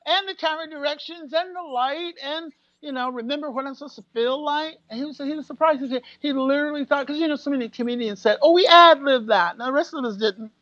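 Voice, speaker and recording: An American actress talking casually as a guest in an interview, animated and laughing often as she acts out what people said. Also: high-pitched, quick pace, hardly any pauses, dry recording, muffled recording. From United States. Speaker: guest actor.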